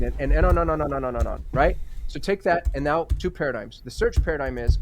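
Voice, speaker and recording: A man guest on a podcast interview, an entrepreneur and author who talks in energetic, emphatic runs of lists. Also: a little high, fast talker, hardly any pauses, a little hiss or hum.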